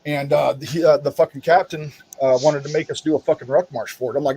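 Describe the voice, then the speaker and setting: A man, a military veteran and podcast co-host, telling army stories in casual chat, swearing constantly and loudly mimicking officers. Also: fairly high pitch, fairly even intonation, quick pace, breathy edge, low-quality recording. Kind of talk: casual profane storytelling.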